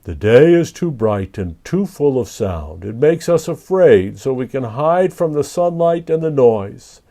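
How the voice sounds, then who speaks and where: A man voicing a sleepy, gentle sloth in a picture-book reading, speaking calmly and softly. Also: medium pitch, measured pace.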